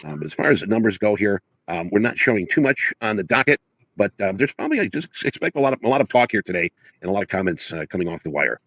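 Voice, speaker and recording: Low, husky male news reader on a trading stream, relaxed and filler-heavy, brisk. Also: dry recording. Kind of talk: casual news rundown.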